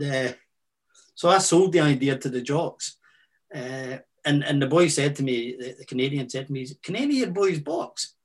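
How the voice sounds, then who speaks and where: Husky Fife-accented older Scotsman. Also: mid-range voice. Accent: Scottish, Fife. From Scotland. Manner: chatty, halting restarts, broad Scots words. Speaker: guest, ex-army boxer. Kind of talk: casual storytelling interview.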